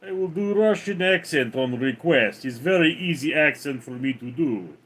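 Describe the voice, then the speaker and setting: A man's voice: on the high side, animated, normal speed, a bit bright. A man doing a mock Russian accent in broken, clipped English on a livestream. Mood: playful.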